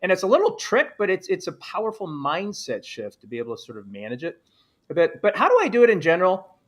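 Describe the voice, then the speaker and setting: A man who gives keynotes and coaches leaders, chatting casually in a live panel and acting out quoted self-talk with lively energy. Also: high voice, fast.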